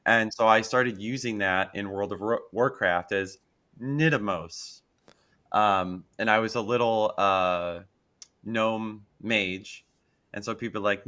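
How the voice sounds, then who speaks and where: A man's voice: on the low side, fairly even intonation, measured pace, pushed and bright. A man chatting casually as a guest YouTuber, joking and rambling. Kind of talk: casual chat.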